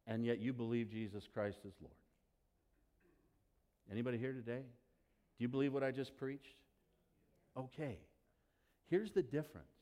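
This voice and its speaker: A male pastor preaching a sermon, emphatic, dropping to quiet asides and building to rising declarations. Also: medium pitch, normal speed, long pauses. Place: church sanctuary. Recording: long hall reverb.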